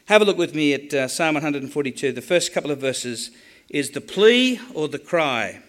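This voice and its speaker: A man preaching a sermon on the Psalms, animated, acting out quoted prayers with jokey asides. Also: a little high, moderate pace.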